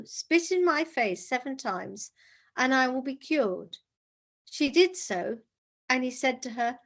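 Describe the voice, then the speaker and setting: High-voiced woman reading a story aloud. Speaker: reader of a text.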